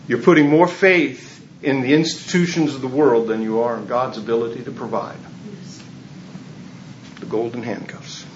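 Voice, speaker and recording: A man's voice: medium pitch, fairly even intonation, moderate pace, muffled recording, slight background noise. Chatty, chuckling male preacher. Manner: conversational and humorous, with chuckles and acted asides. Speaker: pastor. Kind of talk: sermon.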